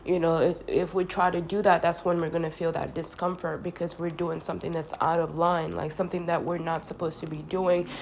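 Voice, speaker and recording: A woman with a fairly low voice talks to camera in a long, earnest monologue. She rambles, restarts her sentences and leans on fillers, and her voice sounds a little congested. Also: level tone, brisk, creaky, few pauses, darkish tone, slight background noise. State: congested from sinus trouble.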